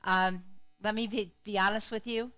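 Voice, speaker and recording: A middle-aged woman psychologist giving a lively, interactive talk to a live audience, often putting questions to the crowd. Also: medium pitch, moderate pace, smooth. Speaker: psychologist and speaker.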